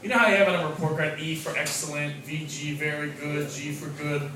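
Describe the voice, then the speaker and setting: Man, stand-up comic, high voice, swears a lot, shouts then mutters, far-off mic, crowd laughing. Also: flat delivery, a little fast. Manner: swinging between loud outbursts and muttered asides, profane. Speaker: stand-up comedian, English teacher. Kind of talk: stand-up comedy set. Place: comedy club stage before a laughing audience. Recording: echoey club, mic from far off, crowd noise. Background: laughing audience.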